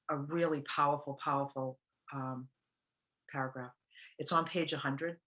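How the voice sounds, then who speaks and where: A woman co-hosting a recovery talk show, casually reflecting and telling stories, acting out the voices of people she quotes. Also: sits low. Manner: animated storyteller, acts out quotes. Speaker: podcast co-host.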